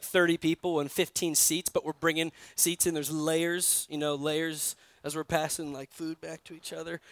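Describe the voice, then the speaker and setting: A man from New York preaches a sermon in a high, smooth, resonant voice. He tells stories in a conversational way and often turns to his listeners with direct questions. The recording is dry and close. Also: dry recording. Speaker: pastor.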